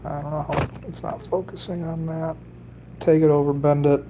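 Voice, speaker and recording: This is a livestreamer making fishing lures, talking to chat while he works, rambling and joking with a faint put-on Italian lilt. His voice is on the high side and dark, with a flat delivery at a normal pace, over a little hiss or hum.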